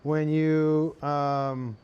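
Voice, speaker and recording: A young mechanic from Arkansas, USA, talks casually on a live stream in a Southern drawl, answering chat and tossing out "y'all." His voice is a little high and clean-toned but barely moves in pitch, and he speaks extremely slowly. The audio sounds dull.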